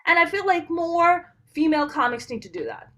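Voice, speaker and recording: A Pakistani comedian and show producer in her late thirties chats in a casual interview, telling stories briskly and animatedly. Her high voice swings widely in pitch, and she acts out quoted exchanges by slipping into the voices of the people in her tales.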